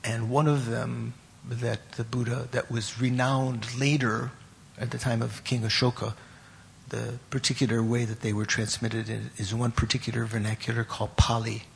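Speaking in a gravelly, mid-range voice with a level tone, a man leads a class on Buddhist meditation and its terms. He pauses frequently, repeats words and poses questions to his students. A little hiss or hum can be heard.

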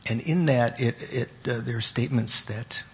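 A man teaching a class on Buddhist meditation and terms, pausing often, repeating words and putting questions to his students. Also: mid-range voice, husky.

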